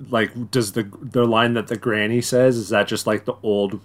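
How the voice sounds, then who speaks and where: This podcast co-host is a young man with a lowish voice, speaking at normal speed with fairly even intonation. His casual talk wanders, stuffed with fillers and frequent restarts.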